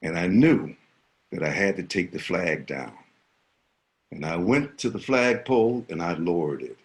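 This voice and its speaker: An older man telling a personal story vividly, swinging from loud to hushed. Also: low voice, animated, unhurried. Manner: vivid, dramatic, shifts between loud and hushed.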